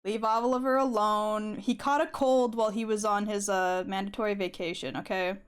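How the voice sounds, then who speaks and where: A woman's voice: mid-range voice, fairly even intonation, normal speed, clear, resonant tone. A young woman streaming while she draws, chatting in a rambling, giggly way and swearing casually. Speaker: art streamer.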